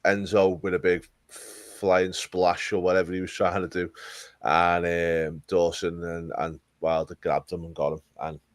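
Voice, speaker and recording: Deep-voiced man, dry sound. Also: little pitch movement, unhurried, no echo. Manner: enthusiastic, rambling, repeats for emphasis. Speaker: podcast co-host. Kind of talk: casual wrestling review chat.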